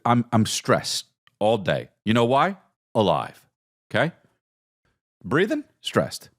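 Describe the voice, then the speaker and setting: Rambling, animated male podcast host. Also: mid-range voice, slow pace. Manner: rambling, profane, jumps between topics. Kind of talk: solo comedic podcast monologue.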